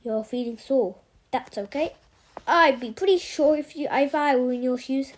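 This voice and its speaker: A woman's voice: high-pitched, moderate pace. A woman reading aloud and voicing a blunt, matter-of-fact middle-aged male doctor who gives orders.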